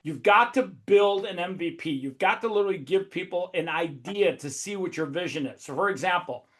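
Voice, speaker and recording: High-pitched, fired-up swearing male host. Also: brisk, fairly bright tone. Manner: profane, high-energy, emphatic. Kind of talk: casual webinar talk.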